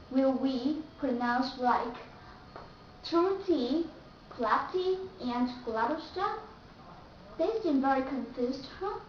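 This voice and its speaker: A woman from Vietnam, speaking English with a Vietnamese accent, teaching a pronunciation lesson slowly and carefully, repeating example words. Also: high voice, a little hiss or hum. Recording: echoey room, distant mic, dull sound.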